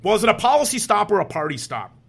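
A man voicing an angry male senator who yells indignant questions down the phone during a story. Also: sits high, very animated, vocal fry, breathy edge, pitched above the performer's own voice, exaggerated voice. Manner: loud, indignant, rapid-fire questions.

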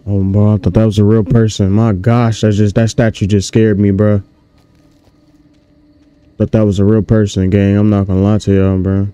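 A man giving casual, animated let's-play commentary on a horror game, chatting to his viewers in slang. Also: fairly low pitch, moderate pace, clear, resonant tone, no room sound. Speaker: gaming YouTuber.

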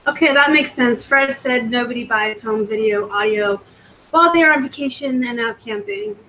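A woman's voice: on the high side, normal speed, bright, forceful tone, a little hiss or hum, poor audio. A woman from the US West Coast hosting a live stream. She reads out viewer comments and chats about her selling in a rambling, casual way. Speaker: host.

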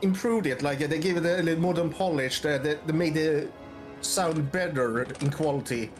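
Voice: mid-range voice, normal speed, soft background music. A stream co-host casually talking over a game, thoughtful and critical. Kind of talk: casual gameplay commentary. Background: game audio.

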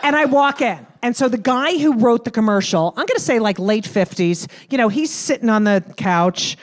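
A woman performing a stand-up comedy set, telling a story in a brash, profane, animated way. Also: a little high, normal speed. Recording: live club set with faint audience.

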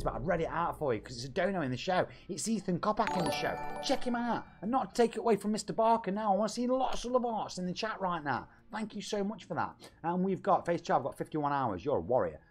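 A British man in his forties, streaming from his home setup with a bouncy, lively voice that swoops up and down. He shouts out viewers with excitable hype and easy banter, with faint music under him. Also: sits high, quick pace, few pauses, husky. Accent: British English. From England. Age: 40s. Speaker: game streamer. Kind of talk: lively live-stream chat. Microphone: home streaming microphone.

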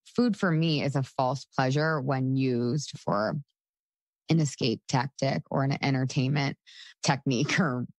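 A woman's voice: extremely low pitch, measured pace, no echo. A woman in her thirties, a coach and podcast guest, talking casually with lots of "like" fillers and frequent laughs. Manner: chatty, full of "like" fillers, laughs often. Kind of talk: casual interview talk.

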